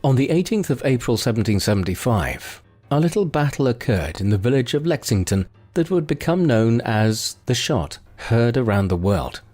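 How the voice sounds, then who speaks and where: A man reading a scripted history narration in a steady storytelling manner. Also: mid-range voice. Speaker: documentary narrator. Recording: faint music bed.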